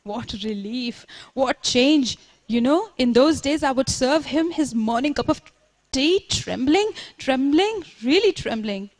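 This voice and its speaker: A woman's voice: high-pitched, lively intonation, measured pace. A woman reading aloud, voicing a fretful, chatty middle-aged mother who rambles defensively and drops Hindi words. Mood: rueful. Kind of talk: reading aloud from her book.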